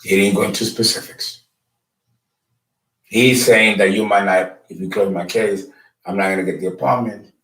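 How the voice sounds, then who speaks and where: A man's voice: low-pitched, rough recording. A man talking as an astrologer, rambling through a casual lecture with many fillers and restarts. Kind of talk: casual lecture and phone call.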